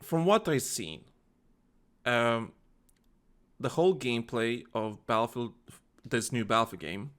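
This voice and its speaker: A man's voice: mid-range voice, expressive, a little slow, pauses often, a bit bright, clean tone, soft background music. A man co-hosting a gaming podcast in casual chat, rambling with frequent restarts. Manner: rambling, restarts often, laughs and swears. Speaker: podcast co-host.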